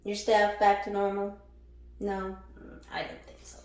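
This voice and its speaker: A woman's voice: mid-range voice, completely flat delivery, unhurried. A woman giving a casual spiritual reading, blunt and profane, who laughs between lines and repeats phrases for emphasis. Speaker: spiritual reader. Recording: very echoey room.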